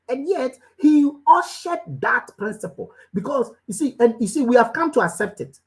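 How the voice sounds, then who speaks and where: A woman with a voice on the high side speaks with great animation at a moderate pace, barely pausing, on a low-quality recording. She's a business coach giving a motivational talk, hammering home short commands she repeats over and over and preaching at her listeners with direct questions.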